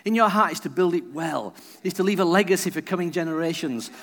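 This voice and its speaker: A man's voice: fairly high pitch, fast talker, a bit bright. A man preaching a sermon as a visiting preacher, telling a personal story and acting out the people he quotes.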